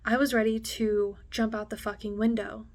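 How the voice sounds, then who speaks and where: A woman's voice: a little high, level tone, moderate pace, darkish tone. A young woman vlogger candidly recounting a painful personal experience, emotional, swearing often, and dropping to a near-whisper at intense moments. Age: young adult. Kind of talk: personal storytelling to camera.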